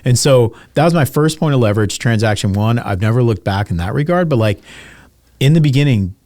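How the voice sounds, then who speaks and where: A man's voice: mid-range voice, expressive, a little fast, a little mellow, no echo. A man in his thirties, a podcast guest, telling candid stories in a loose, casual way, full of "like" and the odd curse word. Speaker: podcast guest, real estate agent. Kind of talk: casual interview storytelling.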